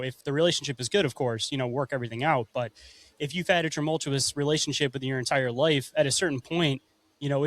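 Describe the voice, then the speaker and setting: A man hosting a podcast in casual chat, talking bluntly and swearing casually. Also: mid-range voice. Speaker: podcast host.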